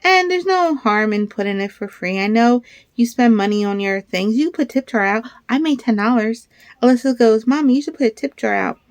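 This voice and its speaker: A woman in her thirties chatting casually in a crafting vlog, rambling and excitable, with bursts of animated storytelling. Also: a little high, moderate pace, dry recording. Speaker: crafter vlogger.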